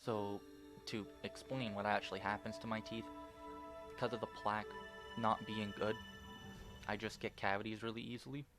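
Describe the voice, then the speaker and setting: A man's voice: on the low side, flat delivery, normal speed, long pauses, music in the background. A young man casually rambling through gameplay commentary at home, swearing often and restarting sentences with lots of fillers. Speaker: gaming channel host.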